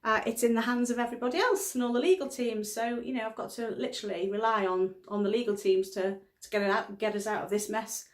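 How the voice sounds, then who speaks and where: A woman's voice: on the high side, quick pace, few pauses. A middle-aged woman, telling a story in a casual vlog, laughing often and acting out the lines of a conversation. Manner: chatty storytelling, laughs often, acts out dialogue. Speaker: vlogger. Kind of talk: casual chat.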